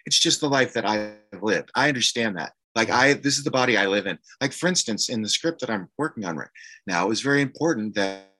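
A man with a bright, forceful edge to a low voice recounts a personal story in a conversation. He talks haltingly and with feeling, stopping and restarting often. His tone is candid and open. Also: animated. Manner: halting and emotional, many fillers and restarts. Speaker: actor guest.

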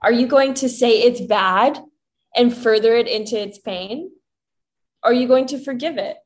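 A woman guest in a casual spiritual chat, earnest and preachy, acting out gentle inner dialogue. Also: fairly high pitch, normal speed.

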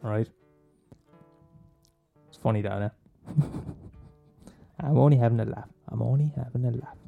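Speaking at a moderate pace with medium pitch and vocal fry, this Irish podcast host rambles casually through film recommendations, swearing, laughing and teasing his audience. The audio is narrow and tinny, with soft music in the background.

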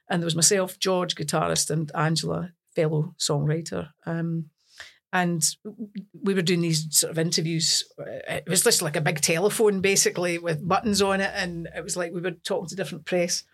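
Chatty Scottish woman telling stories. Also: fairly low pitch. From Scotland. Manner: lively storytelling with laughs and acted-out quotes. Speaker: singer, interview guest. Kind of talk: casual anecdotal chat.

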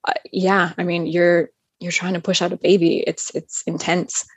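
A woman's voice: fairly low pitch, flat delivery, normal speed, husky, no echo. A woman telling her birth story as an interview guest, candid and rambling, with plenty of fillers and laughs. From United States. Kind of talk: casual chat.

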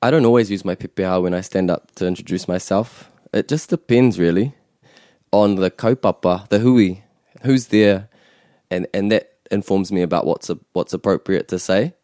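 New guy teaching, deep voice, patient, drops into maori phrases, dry close mic. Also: normal speed, dark tone, no room sound. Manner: patient explaining, switches into Māori phrases. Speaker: language teacher. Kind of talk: relaxed podcast lesson.

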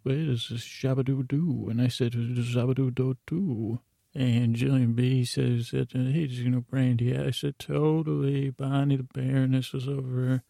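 A man hosting a bedtime podcast, telling a meandering, drowsy run of offbeat listener shout-outs. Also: mid-range voice, creaky, dry recording. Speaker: podcast host. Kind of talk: rambling bedtime podcast storytelling.

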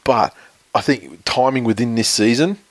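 A man's voice: mid-range voice, lively intonation, normal speed, no echo. A man with an Australian accent chatting casually about sports, rambling and opinionated, swearing freely.

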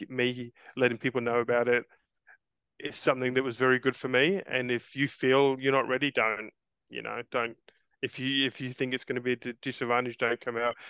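Interview guest, man, 40s, earnest, stumbles over words, bright and crisp, slightly lo-fi. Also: medium pitch, no echo. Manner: earnest, repeats words and restarts often, calls the host mate. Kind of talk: casual interview chat.

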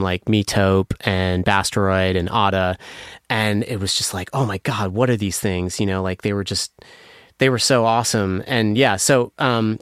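A man's voice: on the low side, clear, resonant tone, no room sound, studio quality. A man answering interview questions in casual talk, enthusiastic and rambling with many fillers and restarts, apologising when he gets emotional. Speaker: music producer guest.

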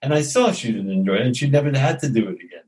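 An older man, a guest actor, telling rambling anecdotes in casual chat, trailing off softly. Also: medium pitch, expressive, racing, low-quality recording.

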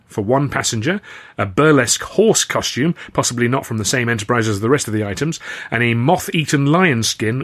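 A man reading his own novel aloud, with measured, wry storytelling. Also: mid-range voice, a bit bright, slightly rough. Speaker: author and reader.

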